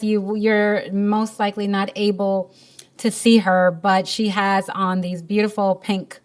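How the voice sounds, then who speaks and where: A woman's voice: medium pitch, level tone, a little slow. Effusive, emotional woman podcast host. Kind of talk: casual interview.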